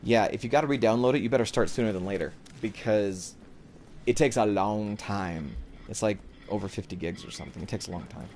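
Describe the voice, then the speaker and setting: A man's voice: fairly low pitch, brisk, darkish tone, a little hiss or hum. Rambling male gamer streaming from home. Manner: rambling, loose and self-correcting. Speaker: streamer playing a video game. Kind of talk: live gameplay commentary.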